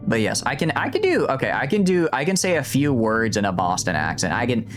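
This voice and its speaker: A man chats through a strategy game in a loose, rambling way, often poking fun at himself. His voice is mid-pitched and lively, swinging up and down a lot. Faint game music plays underneath. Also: fairly quick, few pauses. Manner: animated, rambling, self-mocking. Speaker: streamer. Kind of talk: casual gameplay commentary.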